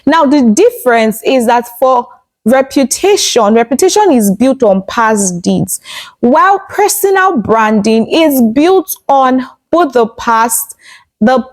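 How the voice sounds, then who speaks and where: A woman's voice: high-pitched, lively intonation, slow. A young woman hosting her own channel, speaking straight to viewers with emphatic, repetitive explanations and direct questions. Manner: emphatic, repeats key phrases, asks viewers questions. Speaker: YouTube host. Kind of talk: direct-to-camera explainer talk.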